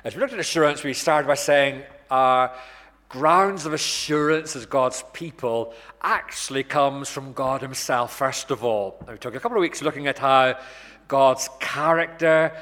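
A man preaching a sermon in an earnest, measured way, slowing down to stress key words. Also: mid-range voice, a bit bright. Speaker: pastor. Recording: long reverb in a church hall.

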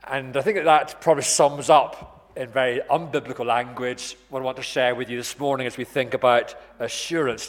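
A man preaching a sermon in an earnest, measured way, slowing down to stress key words. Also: medium pitch, fairly even intonation. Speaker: pastor. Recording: long reverb in a church hall.

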